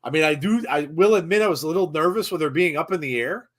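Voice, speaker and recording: A man's voice: a little high, fast. Chatty man calling wrestling live. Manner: chatty, laughs often, reads viewer comments; bursts into excited shouting. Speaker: host. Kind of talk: live wrestling watch-along commentary.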